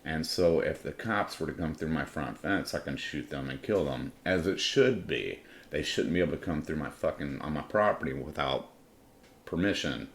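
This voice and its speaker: A middle-aged man telling a personal story on his podcast in a blunt, swaggering way, swearing freely. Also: rumbling low. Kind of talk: casual profane storytelling.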